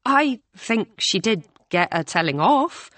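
A woman narrator voicing a cautious, gentle young woman student in an audiobook. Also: low-pitched, flat delivery, unhurried, no echo, distant mic. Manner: hesitant, soft.

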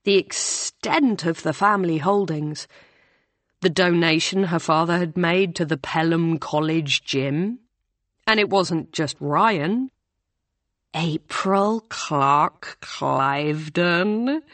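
A woman reading a novel aloud as audiobook narrator, in a measured storytelling manner. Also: fairly low pitch, no room sound. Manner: measured, voices characters with small shifts. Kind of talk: scripted narration.

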